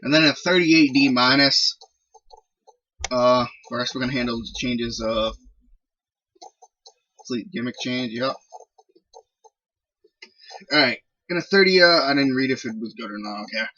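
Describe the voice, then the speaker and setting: A man's voice: medium pitch, measured pace, long pauses, sharp tone, no echo, highs cut off. A man giving casual, rambling commentary while playing a wrestling management game. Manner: chatty, rambling recaps. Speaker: video game let's player.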